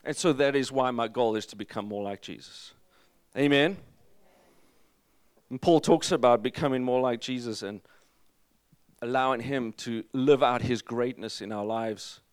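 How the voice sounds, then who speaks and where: A man preaching a sermon as pastor, energetic and emphatic, with jokes to the congregation. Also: medium pitch, moderate pace, long pauses, smooth, no echo, clean studio sound.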